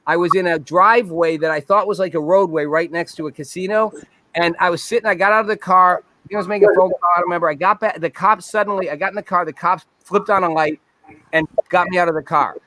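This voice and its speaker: A man's voice: high-pitched, steady tone, bright, forceful tone, dry recording. A man hosting a panel talk show, telling a story and quizzing his guests. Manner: storytelling, rapid restarts. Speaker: host. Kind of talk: casual panel discussion.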